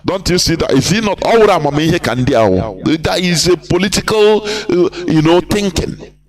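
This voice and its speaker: A man's voice: high voice, expressive, slow. A man from Nigeria, delivering impassioned political commentary on a live broadcast and asking rhetorical questions. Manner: impassioned, rhetorical questions, mixes in Igbo phrases. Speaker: activist broadcaster.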